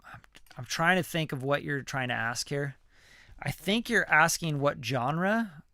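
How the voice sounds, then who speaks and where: A man's voice: a little high, lively intonation, measured pace, bright, forceful tone, dry recording, clean studio sound. A man, a music producer, answering viewer questions in a loose, slangy livestream chat full of fillers. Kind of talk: casual livestream Q&A.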